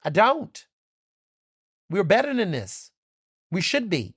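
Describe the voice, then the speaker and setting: Speaking slowly yet very animatedly, a man with a high, fairly bright voice and a breathy edge hosts his own podcast. The Philadelphia native gives fiery solo commentary, with emphatic repetition, profanity and frequent "like" fillers. Clean studio audio, no room sound.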